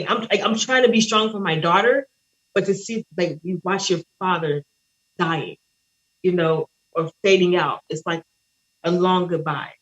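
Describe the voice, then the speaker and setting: A woman caller sharing a painful personal story, halting and shaky, with many restarts. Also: on the low side, dull audio.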